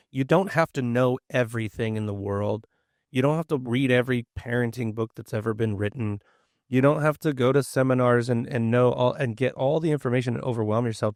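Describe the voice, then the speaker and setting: A man's voice: mid-range voice, dry recording. Earnest male podcast co-host, dry sound. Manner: earnest, encouraging, explains at length. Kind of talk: casual conversational podcast chat.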